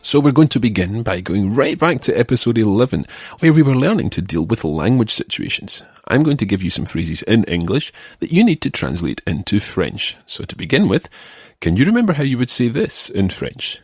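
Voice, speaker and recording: A man teaching a podcast language lesson, patiently giving phrases and slowing down to model pronunciation. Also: medium pitch, big pitch swings, breathy edge, no echo, clean studio sound.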